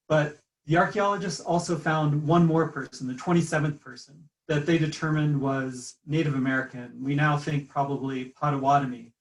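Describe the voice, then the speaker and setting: Man, storytelling talk, fillers, slightly high voice, distant mic, roomy echo. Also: fairly even intonation. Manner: measured storytelling with frequent fillers, reading aloud from a book. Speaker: guest speaker. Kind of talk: storytelling lecture.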